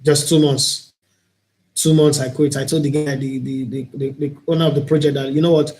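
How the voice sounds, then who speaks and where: A man's voice: medium pitch, flat delivery, normal speed, darkish tone. A man with a Nigerian accent hosting a live-streamed talk show, speaking in an earnest, opinionated, reflective way. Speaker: host and broadcaster.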